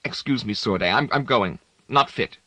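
A man's voice: mid-range voice, lively intonation, moderate pace, pushed and bright, slightly rough, no echo. A man voicing an intense, tormented young male poet who speaks with raised, impassioned emotion. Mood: anguished. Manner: impassioned, rising to tearful.

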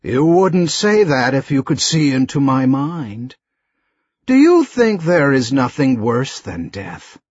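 A man doing a cold growling beast-man killer, slow, husky, dull lo-fi audio. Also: medium pitch, sing-song, dry recording, exaggerated voice. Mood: menacing. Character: brutal male killer who claims to be an alien beast.

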